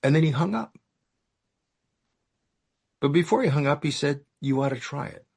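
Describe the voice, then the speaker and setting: Guy sharing his story at a recovery meeting, raspy gravelly voice, wry and sarcastic about himself. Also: fairly high pitch, lively intonation, moderate pace, a little mellow. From California. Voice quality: gravelly, husky. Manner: self-mocking, sarcastic, acts out dialogue in his story.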